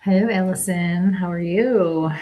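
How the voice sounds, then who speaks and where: Halting woman medium, low voice. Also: dull audio, a little hiss or hum. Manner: halting, many ums and small laughs. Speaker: medium giving readings. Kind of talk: live psychic reading show.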